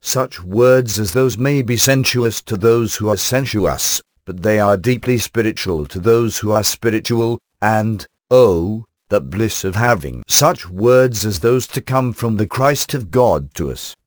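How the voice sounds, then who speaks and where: A man preaching a sermon in formal, old-fashioned language with a measured delivery. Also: fairly low pitch, expressive, no echo, studio quality. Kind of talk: sermon reading.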